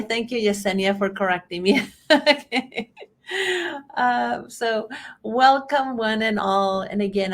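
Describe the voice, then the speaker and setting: A woman from Texas hosting a live webinar, greeting viewers in a friendly, chatty way with frequent fillers. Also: mid-range voice. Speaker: webinar host.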